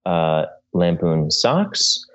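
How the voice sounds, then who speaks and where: Very deep, deadpan guest on a dull recording. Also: male voice, drawn-out words. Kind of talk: casual comedic chat.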